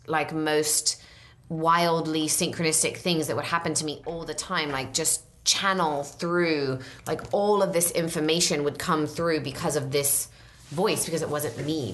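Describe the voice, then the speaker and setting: A woman from Northern California with a Californian accent, telling stories animatedly as a podcast guest, saying "like" constantly and bursting into excited exclamations. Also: sits low, measured pace. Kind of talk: casual interview chat.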